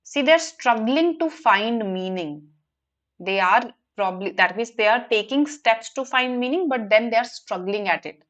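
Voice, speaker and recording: A woman's voice: on the high side, lively intonation, normal speed, a bit bright. A woman with an Indian English accent teaching a live online vocabulary lesson, explaining patiently and often checking in with the class. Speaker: online exam prep teacher.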